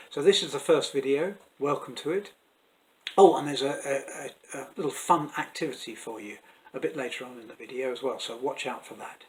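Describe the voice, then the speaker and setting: A man's voice: medium pitch, poor audio. A man, an actor and Shakespeare teacher, talking to camera in a friendly explanatory way, chatty with small stumbles and restarts. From England. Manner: chatty, stumbles and restarts, taps out rhythms softly.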